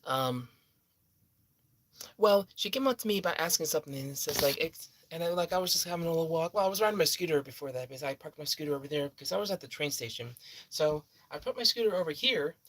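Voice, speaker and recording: A young man telling a personal story in a rambling, halting way, full of fillers and restarts. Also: on the high side, a bit bright. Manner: halting, repeats himself, many fillers and restarts.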